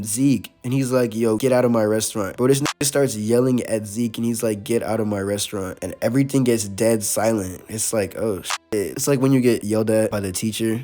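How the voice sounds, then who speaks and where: A young man hosting a storytime channel, telling a story in casual, slangy speech with laughs and animated asides. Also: on the low side. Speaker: storytime host.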